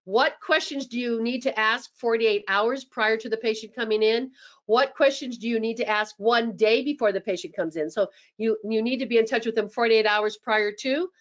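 A woman giving a webinar presentation as a dental practice consultant, chatty and animated, acting out sample phone scripts. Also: a little high, moderate pace, muffled recording. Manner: chatty, with frequent restarts.

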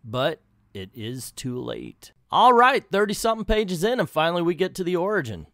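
A man's voice: high voice, big pitch swings, normal speed, sharp tone, no room sound, studio quality. Man casually recapping a comic. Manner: offhand, wry commentary. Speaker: comics video host.

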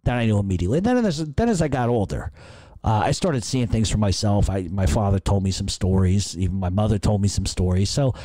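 Middle-aged male podcast host, low and mellow, dry close sound, profane and rambling. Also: lively intonation, brisk, no echo. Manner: profane, rambling, laughs at own stories. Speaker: podcast host answering listener questions. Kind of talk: casual storytelling Q&A.

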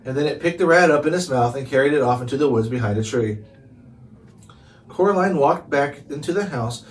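A man narrating a chapter book aloud in calm, steady read-along storytelling. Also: fairly high pitch. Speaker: storybook reader. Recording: distant mic, faint hiss.

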